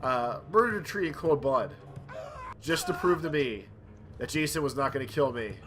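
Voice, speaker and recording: A man's voice: mid-range voice, normal speed, music in the background. A young man hosting a let's play, telling a rambling childhood story in a casual way while playing. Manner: rambling, animated anecdote with quoted voices. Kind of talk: casual storytelling over gameplay.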